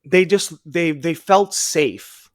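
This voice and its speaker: A man in his thirties, a podcast guest telling stories casually and animatedly, jumping into high voices for quoted people. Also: takes it slowly, no room sound, studio quality. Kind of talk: casual storytelling.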